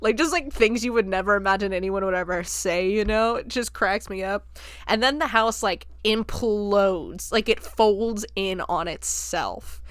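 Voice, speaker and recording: Young woman podcaster, animated, profane retelling, smooth clear voice, dry close sound. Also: mid-range voice, a little slow, no room sound. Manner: profane, animated storyteller who jumps into quoted voices. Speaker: podcast host. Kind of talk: casual film review retelling.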